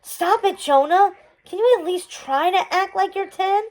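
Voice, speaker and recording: A woman voicing a bossy, lively young girl heroine in a storybook read-aloud. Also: very high voice, unhurried, voice pushed up, poor audio.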